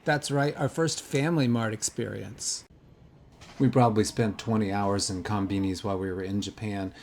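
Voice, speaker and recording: A man's voice: lowish voice, fairly even intonation, normal speed, darkish tone, a little hiss or hum. A man, a father from the United States, narrating his family's travel vlog in scripted voice-over with dry, wry humor.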